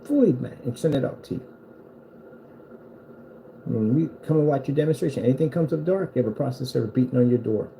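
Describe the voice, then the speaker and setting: A man's voice: medium pitch, animated, a little fast, vocal fry, pauses often, warm tone, slight background noise, low-quality recording. A man delivering a boastful, taunting rant at a rival screen maker, repeating himself for emphasis. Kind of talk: trash-talking rant at a rival.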